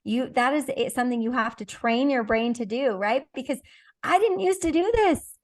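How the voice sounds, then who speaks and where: A woman guest on a podcast, a business coach talking with an energetic, emphatic coaching tone. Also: sits high, moderate pace. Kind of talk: motivational conversation.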